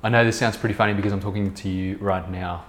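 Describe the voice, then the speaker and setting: A man's voice: lowish voice, fairly even intonation, fast talker, fairly bright tone, soft background music. A man in his thirties from South Africa with an Afrikaans accent, talking casually and rambling with many fillers on his own podcast. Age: 30s. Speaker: podcast host, business co-founder. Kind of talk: casual solo podcast talk.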